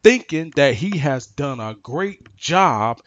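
A man's voice: a little high, animated, takes it slowly, fairly bright tone, no room sound, lo-fi sound. A man giving his opinion in an unscripted monologue, firing off rhetorical questions, often stumbling and restarting his words as he presses his points. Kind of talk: unscripted monologue on current affairs.

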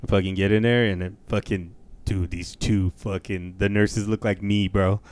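A man co-hosting a casual podcast, telling profane, animated stories and acting out the voices of the people in them. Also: fairly low pitch, normal speed. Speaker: podcast co-host. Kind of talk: casual storytelling chat.

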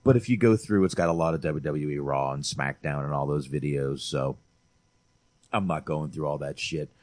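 Reviewing movies as a podcast co-host, this man speaks at a normal speed in a rumbling low voice with no echo. He's animated and casual, swears without restraint, and refers to his friend as "dude."

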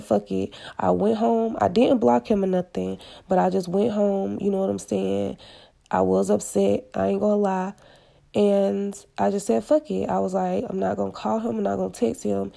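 A woman's voice: mid-range voice, level tone, normal speed, creaky, mellow. A woman casually retelling a personal story with blunt, slangy, profane candor. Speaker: podcast storyteller.

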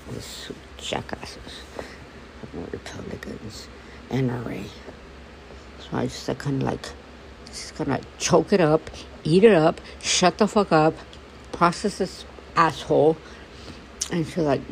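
A man in a casual venting monologue, rambling and swearing, swinging between hushed mutters and angry outbursts. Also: fairly high pitch, expressive, unhurried, creaky, pauses often. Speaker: vlogger. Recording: noisy background.

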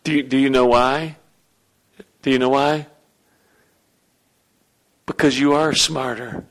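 A man's voice: medium pitch, steady tone, takes it slowly, fairly bright tone. A middle-aged man preaching a sermon as pastor, acting out questions from the congregation and answering them.

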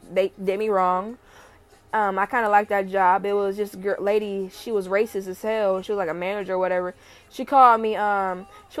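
A young woman in a casual, animated rant to camera, often rising to near shouting when heated. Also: a little high. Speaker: vlogger.

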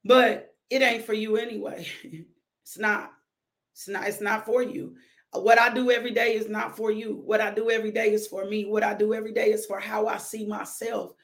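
A woman's voice: medium pitch, level tone, a little fast, gravelly. A woman minister giving a devotional sermon, emphatic and repeating her phrases in casual speech.

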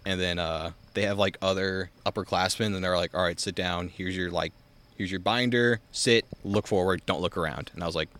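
A man's voice: sits low, steady tone, a little fast, a bit bright. Young man rambling through a story. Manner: rambling storyteller, heavy filler words and swearing. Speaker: podcast co-host. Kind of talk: casual chat. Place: outdoors in a backyard.

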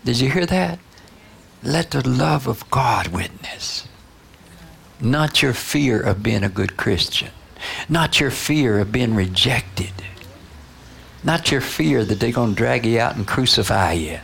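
A man preaching slowly and deliberately, his voice carrying a gravelly edge. He keeps checking in with his congregation through short "Huh?" and "Yes?" prompts between points. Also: mid-range voice, lively intonation, a bit bright. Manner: call-and-response preaching, frequent "Huh?" and "you know". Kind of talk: sermon.

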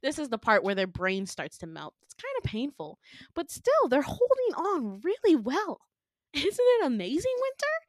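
A woman voicing a creepy, obsessed male villain who talks in an eerily calm, coaxing way, pleased with himself. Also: medium pitch, a little fast, few pauses, no room sound, clean studio sound.

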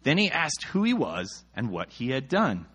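Animated man reading and riffing on scripture. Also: medium pitch, normal speed, slightly rough, muffled recording. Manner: animated, jokey, exasperated asides. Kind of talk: casual scripture reading and commentary.

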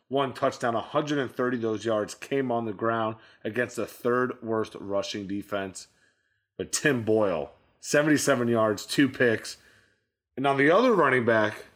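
Man, mid-pitched voice, blunt football talk, stat-heavy recap, casual co-host. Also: fairly bright tone. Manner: blunt, opinionated, rattles off game stats. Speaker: sports show co-host.

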